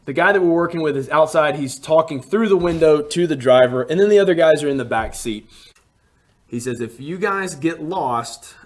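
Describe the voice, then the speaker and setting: A man from Alabama, telling a personal travel story in a casual, animated way and acting out what people said. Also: fairly high pitch, fairly quick. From Alabama, USA. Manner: animated, acts out quotes with rising emphasis.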